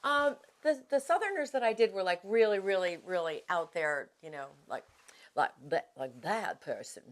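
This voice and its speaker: A woman's voice: mid-range voice, animated, normal speed. A middle-aged woman voice actor answering interview questions in a chatty, self-deprecating way, often restarting her sentences.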